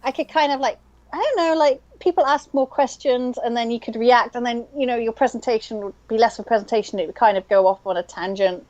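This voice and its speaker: A woman's voice: fairly high pitch, quick pace, darkish tone, muffled recording. A woman co-hosting a game stream in casual chat, thinking aloud with lots of fillers. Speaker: stream co-host. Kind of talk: casual chat while playing online mahjong.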